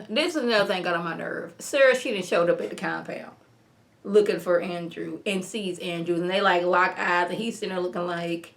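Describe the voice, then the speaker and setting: A woman vlogger casually recapping a TV episode, chatty and animated, acting out the characters' lines with lots of "like" fillers. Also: on the low side, moderate pace. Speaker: TV review vlogger.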